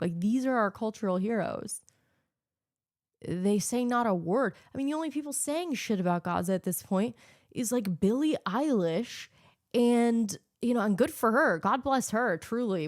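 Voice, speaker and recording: A woman's voice: a little high, dry recording. Sarcastic ranting woman podcaster, dry sound. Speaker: podcast host. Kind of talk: solo podcast commentary.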